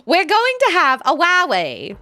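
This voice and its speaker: A woman's voice: sits high, measured pace, no room sound, pitched above the performer's own voice, full character voice. A woman voicing a little cartoon girl mouse who says her R's as W's. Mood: chirpy. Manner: lisping R's as W's, squealing excitedly.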